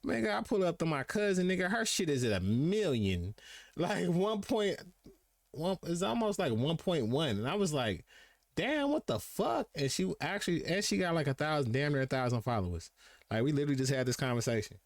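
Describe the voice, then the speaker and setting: A man's voice: on the high side, animated, a little fast, no room sound, clean studio sound. A young man hosting a live podcast stream, telling stories in casual slang and acting out what people said. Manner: laid-back slangy storytelling, acts out quotes. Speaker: podcast host.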